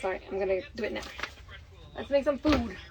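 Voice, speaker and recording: High-voiced chatty woman vlogging at home. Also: brisk, a little mellow, a little hiss or hum, low-quality recording. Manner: chatty, rambling, with many fillers. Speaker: mother and vlogger. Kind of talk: casual home vlog chat. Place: home kitchen.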